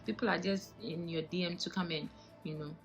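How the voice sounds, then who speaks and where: A young woman with a Ghanaian English accent talks straight to camera in a casual vlog, animated and indignant, firing off rhetorical questions. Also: fairly low pitch, brisk, creaky, over music, low-quality recording. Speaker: vlogger.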